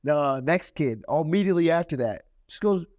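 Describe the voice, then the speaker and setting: A man's voice: on the high side, animated, fairly quick, darkish tone, no echo, studio quality. A young man from Cleveland telling his story as a podcast guest, candid and streetwise, swearing freely. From Cleveland, Ohio. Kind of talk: casual storytelling.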